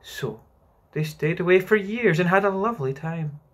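A man's voice: high-pitched, expressive, normal speed, voice pushed up. A man voicing a motherly young girl telling a bedtime story, coaxing and patient, sighing at interruptions. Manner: gently coaxing, sighs at interruptions.

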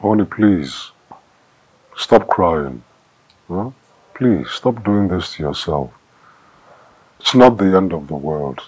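An actor with a Nigerian accent playing a husband who calms his crying wife with soft, pleading reassurance. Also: low-pitched, slow pace, pauses often, breathy edge, full character voice. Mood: soothing. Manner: soothing, pleading, murmured reassurance.

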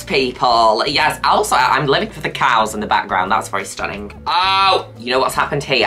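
A woman with a strikingly deep, bright voice that swoops up and down. She reacts out loud in a camp, exclamatory way, cheering and teasing with cheeky swearing, and faint music sits behind her. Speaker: host reacting to videos. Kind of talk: reaction commentary.

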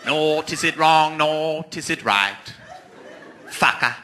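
A man doing a pompous mock-Shakespearean orator, reciting slowly and loftily on a live comedy stage. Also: a little high, lively intonation, very noisy. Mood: lofty. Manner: slow, lofty recitation. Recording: live club recording with crowd laughter.

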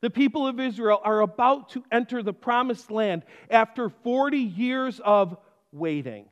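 Middle-aged male pastor, very high voice, storytelling sermon style, long church reverb. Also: unhurried. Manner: storytelling, acts out quoted voices. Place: church sanctuary. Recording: reverberant church, dull lo-fi sound.

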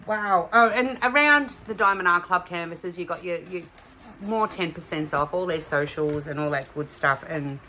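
A middle-aged woman from Australia chatting excitedly as she unboxes craft kits for her vlog. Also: fairly low pitch, moderate pace, slight background noise. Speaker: craft vlogger. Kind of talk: casual unboxing chat.

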